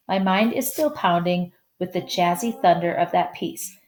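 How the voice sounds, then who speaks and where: A woman's voice: lowish voice, normal speed, a little mellow. A woman reading a first-person story aloud who stumbles over hard names, apologizes and makes asides. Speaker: audiobook reader.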